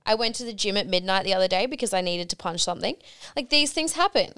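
Very clear-voiced young woman co-host. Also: medium pitch, animated, fast, bright, forceful tone. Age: young adult. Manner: frank, self-deprecating, swears casually. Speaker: podcast co-host. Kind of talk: casual chat.

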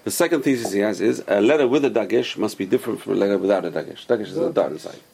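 A man's voice: on the low side, racing, gravelly, warm tone, husky. A man, a rabbi, teaching a class and explaining patiently with many examples and questions.

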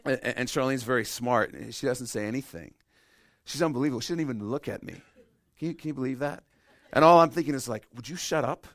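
This sermon comes from a middle-aged man, a pastor with a mid-range voice who talks fast, recorded without echo. He shares humorous, self-mocking stories, moving between forceful emphasis and hushed stretches.

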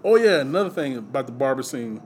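Man, mid-pitched podcast co-host, rambling trivia chat, faint noise underneath. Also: sing-song, fast talker. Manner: loose, rambling delivery with frequent fillers and laughs. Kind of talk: casual movie trivia chat.

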